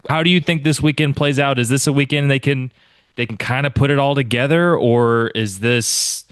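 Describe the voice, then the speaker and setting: A man's voice: mid-range voice, normal speed, clear, resonant tone, no room sound. A man hosting a casual sports podcast, asking long, rambling questions. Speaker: podcast host.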